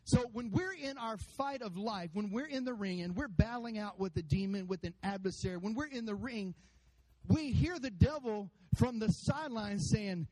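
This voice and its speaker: A man preaching a sermon to his church, animated, acting out voices and calling out to the congregation. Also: high-pitched, moderate pace, rough recording. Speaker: pastor. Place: church sanctuary.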